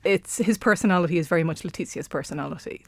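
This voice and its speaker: A woman historian talks through the past in a chatty, aside-filled way, full of ums. Her voice is fairly low and recorded close and dry, with no room around it. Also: fast talker, no room sound. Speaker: historian guest. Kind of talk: explaining history in casual chat.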